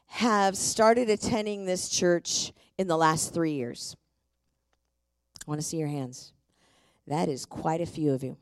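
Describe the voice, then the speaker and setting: A middle-aged woman pastor preaching a sermon from a church stage, leading the congregation in call-and-response, her voice a little deeper than usual. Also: takes it slowly, pauses often. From Tacoma, USA.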